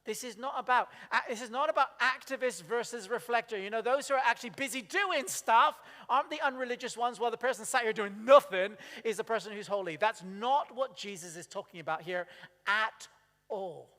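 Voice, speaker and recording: A man's voice: very high voice, fairly quick, bright, forceful tone. Man, sermon, chatty, questions the congregation, long church reverb. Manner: chatty, asks the congregation questions, acts out quotes. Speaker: pastor.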